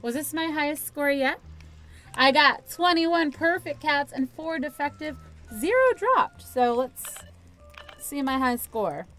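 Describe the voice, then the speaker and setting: A woman's voice: high voice, animated, slow, fairly bright tone, soft background music. A young woman hosting a gaming video, chatting bubbly to the cats in a VR game as she plays. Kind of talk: playing a VR game with commentary.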